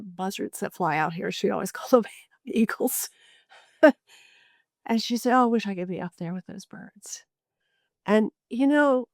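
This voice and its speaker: A woman's voice: a little high, dry recording, studio quality. A woman who coaches caregivers, speaking as a podcast guest in an earnest, emphatic, conversational way. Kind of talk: interview conversation.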